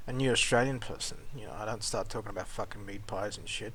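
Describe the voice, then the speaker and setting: A man hosting a show, ranting bluntly and with plenty of swearing, swinging between loud outbursts and low muttering. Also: fast, few pauses, a little hiss or hum. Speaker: podcast host. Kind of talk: casual ranting monologue.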